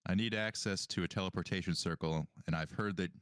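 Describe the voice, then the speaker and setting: A cheeky young nobleman's son talks in a casual, easy manner, with a man playing him. The voice is very low. It is recorded dry and close. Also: fairly quick, a bit bright, clear, resonant tone, dry recording.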